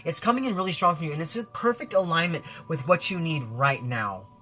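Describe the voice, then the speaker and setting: A man's voice: a little high, lively intonation, a little fast, pushed and bright. A man giving a spiritual tarot reading in an effusive, rambling way, full of fillers and repeated phrases. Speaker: tarot reader.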